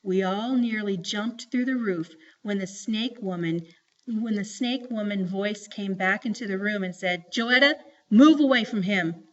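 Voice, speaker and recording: A woman reading a novel aloud in an expressive, steady storytelling voice. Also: medium pitch, measured pace. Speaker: reader. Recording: slightly dull lo-fi recording.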